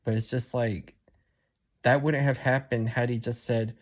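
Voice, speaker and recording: In this venting vlog, a young man talks through his frustrations in a halting, repetitive monologue, sighing frequently and starting sentences over. He sounds worn down, with a medium-pitched voice and a steady tone.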